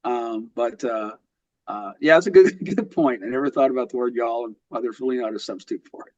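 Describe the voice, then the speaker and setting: A man in his fifties with a light West Texas accent, a podcast guest talking casually and thoughtfully, with frequent pauses and restarts. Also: medium pitch, a little mellow, no room sound. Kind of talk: casual interview. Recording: dull lo-fi audio.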